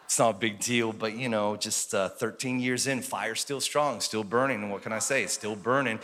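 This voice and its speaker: A man in his thirties preaching a conversational sermon as pastor, telling stories and rising into loud, excited preaching. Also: fairly low pitch, normal speed, big-room sound. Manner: conversational, building to shouted preaching.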